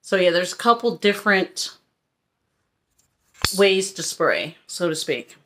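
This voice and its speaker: A woman's voice: lowish voice, very animated, slow, fairly bright tone, a little hiss or hum. A woman vlogger chatting her way through a haul review, frank and rambling.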